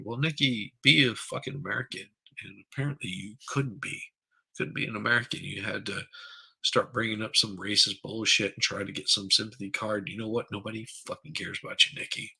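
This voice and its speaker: A man's voice: fairly low pitch, a little fast, creaky, sharp tone, slightly rough. A middle-aged man hosting a livestream, ranting crudely and mockingly about politics, profane and rambling. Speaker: livestream host. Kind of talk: crude comedic political rant.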